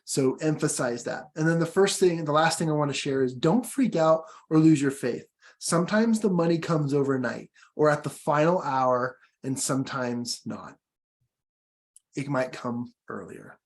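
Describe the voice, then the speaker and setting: A man's voice: on the high side, normal speed. A man coaching his audience in a motivational training talk, emphatic and encouraging, repeating his key points.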